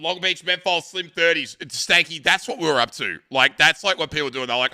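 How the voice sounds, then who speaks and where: A man's voice: a little high, fast talker, hardly any pauses, pushed and bright, faint music behind. A young Australian man streaming, telling crude stories to his chat and often laughing while he talks. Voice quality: crude, swears freely, laughs through stories. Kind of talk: casual live-stream storytelling.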